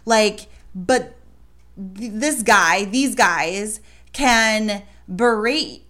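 A woman talking in a casual chat, emphatic and outspoken, leaning hard on her points and swearing freely. Her pitch sits in the middle of the usual range. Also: drawn-out words, fairly bright tone.

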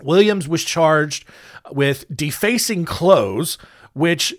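A man with a slightly high voice hosts a comedy history podcast. He tells the stories casually, with lots of ums, quick jokes and sarcastic asides. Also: animated. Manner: joking, rambling asides with many ums. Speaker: podcast host.

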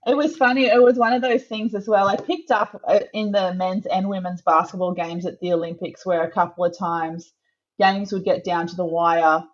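A woman's voice: on the low side, fairly even intonation, normal speed. A woman co-hosting an interview podcast, chatting playfully and riffing along with the guest. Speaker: podcast co-host. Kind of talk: casual interview chat. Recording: slightly muffled lo-fi audio.

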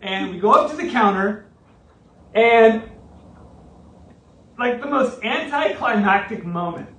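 Lively, high-voiced man preaching in a roomy hall. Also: takes it slowly. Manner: animated, self-mocking humor. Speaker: pastor. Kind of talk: storytelling sermon. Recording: roomy, from a distance.

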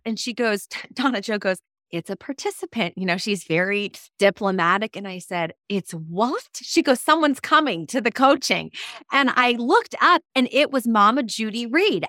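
A woman co-hosting a podcast as a coach, telling stories in a lively way and acting out quoted dialogue. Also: on the high side, dry recording, clean studio sound. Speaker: co-host and coach. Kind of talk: casual podcast storytelling.

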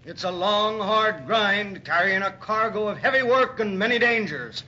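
An earnest young first mate. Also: male voice, sits high, normal speed, sharp tone, slight background noise. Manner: earnest, cautious. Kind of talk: 1930s radio drama. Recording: dull old radio recording.

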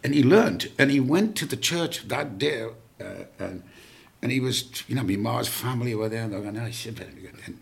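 Gravelly-voiced man spinning animated stories. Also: mid-range voice, normal speed, few pauses. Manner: animated storyteller who laughs at his own tales. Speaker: guest. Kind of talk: telling family stories in a podcast chat.

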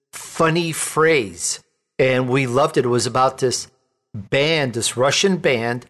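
A man from Chicago hosting an interview show, chatting casually and telling jokey stories. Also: medium pitch. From Chicago, USA. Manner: jokey, animated storyteller. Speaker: talk show host.

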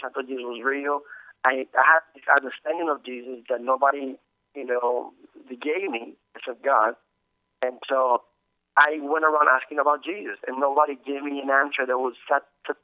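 A man from the Dominican Republic, a guest telling his story with many halting restarts over the phone. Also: medium pitch, no echo. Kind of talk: casual testimony over the phone. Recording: tinny phone line, dry.

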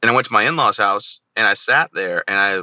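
A veteran in his thirties, appearing as a guest on an interview show, candidly and animatedly tells his own story, often acting out remembered dialogue. His lowish voice is brisk, pushed and bright, on a dry, poor-quality recording.

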